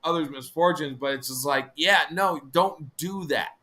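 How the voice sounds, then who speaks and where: A man co-hosting a live fishing show, telling a story in a rambling, halting way. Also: fairly high pitch, bright, forceful tone. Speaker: co-host, fishing charter guide. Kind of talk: casual live-stream chat.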